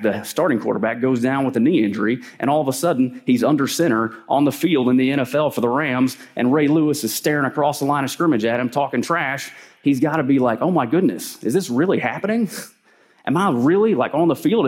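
Middle aged guy preaching, lowish voice, keeps clearing his throat, storytelling sermon. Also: darkish tone. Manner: storytelling, clears throat often, voice rises when acting out quotes.

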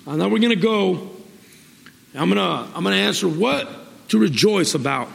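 Exuberant high-voiced male preacher, gravelly. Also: expressive, slight background noise. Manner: exuberant, laughs and exclaims praise often; reads scripture slowly and deliberately. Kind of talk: sermon. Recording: long hall reverb.

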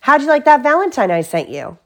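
A woman's voice: sits high, very animated, fairly quick, fairly bright tone, voice pushed up. Woman doing earnest sheepish boy cub. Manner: earnest, apologetic. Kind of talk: children's storybook read-aloud.

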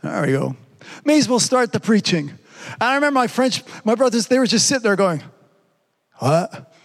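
A man's voice: sits high, animated, fairly quick. A pastor preaching a sermon, fervent and repetitive, peppering his talk with "praise God" and "amen.". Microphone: streamed online service.

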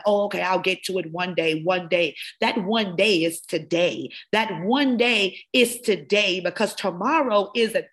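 A woman hosting a wellness podcast, giving an impassioned motivational talk full of repeated phrases. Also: lowish voice. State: emotional. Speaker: podcast host, wellness coach. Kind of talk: motivational monologue.

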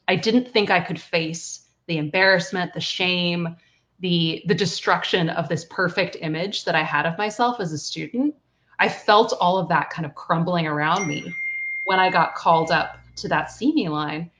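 A woman guest telling a personal story in an earnest, reflective way, with soft laughs. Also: fairly low pitch. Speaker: guest author and coach. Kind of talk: conversational storytelling.

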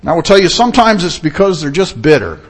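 A man's voice: on the high side, sing-song, quick pace. A man preaching a sermon in an earnest, storytelling manner. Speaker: pastor.

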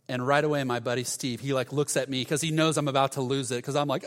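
Passionate pastor preaching in a reverberant hall. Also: male voice, mid-range voice, fairly quick. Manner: storytelling, swings between hushed and loud bursts of passion. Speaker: lead pastor. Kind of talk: sermon.

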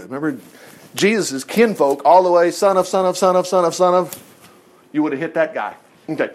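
Animated high-voiced folksy preacher man. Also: a little fast. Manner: animated, folksy, with joking asides. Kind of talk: sermon retelling a Bible story.

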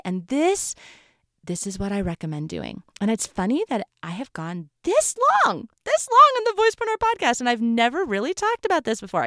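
A woman's voice: mid-range voice, dry recording, clean studio sound. A young woman hosting a solo podcast for voice teachers, talking in a chatty, emphatic way, repeating phrases for stress and swearing casually. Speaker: podcast host, voice teacher coach.

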